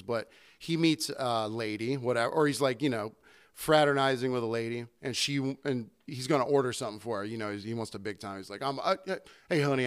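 A man's voice: mid-range voice, clear, resonant tone. A man who tends bar, co-hosting a casual podcast and telling customer stories full of swearing and laughter. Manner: profane, laughing, acts out customers. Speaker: bartender and podcast co-host. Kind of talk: casual bar chat, storytelling.

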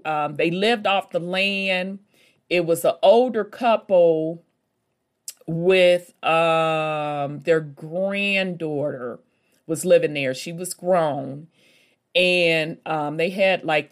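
Slow-talking chatty woman vlogger. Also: fairly low pitch. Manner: chatty and folksy, with endearments like baby and honey; rambling, with many fillers and asides. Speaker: vlogger telling a travel story. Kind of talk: casual storytelling to viewers.

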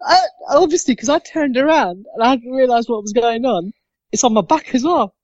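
A man's voice: very high voice, expressive, a little fast, a little mellow, dry recording. A man in his thirties spins a rowdy anecdote as a podcast co-host, swearing freely and slipping into little voices for the people in his story. The sound is dry and a bit dull, like a modest lo-fi setup. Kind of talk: casual storytelling.

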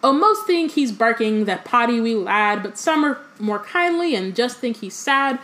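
A woman's voice: on the high side, very animated, normal speed, fairly bright tone. Peeves, a cackling poltergeist read by a woman. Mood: taunting. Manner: sing-song taunting. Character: gleeful mocking poltergeist, male, cackling.

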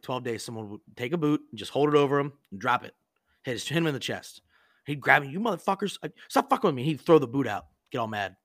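A man's voice: mid-range voice, fairly bright tone, no echo, clean studio sound. A man casually telling a crude prank story on a podcast, rambling and profane, full of "like" and acted-out quotes.

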